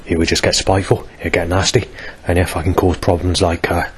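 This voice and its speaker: Male vlogger, low voice, in pain and coughing, coarse and rambling. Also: flat delivery, a little fast, slightly rough. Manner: rambling, coarse, bitter outbursts. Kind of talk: rambling personal video diary.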